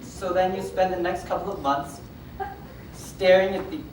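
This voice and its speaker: Brief: woman playing lonely obsessive fan of musicals, low, chatty, wistful; stage recording from afar. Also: fairly even intonation, normal speed, lightly acted. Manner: chatty asides, wistful and rambling. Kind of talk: amateur stage musical acting. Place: theatre stage. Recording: echoey hall, mic far from stage, noisy.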